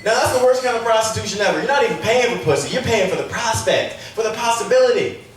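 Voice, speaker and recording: A man's voice: high-pitched, expressive, quick pace, a little hiss or hum. A man doing a crude, rambling, profane stand-up comedy set. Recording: echoey room, mic far off.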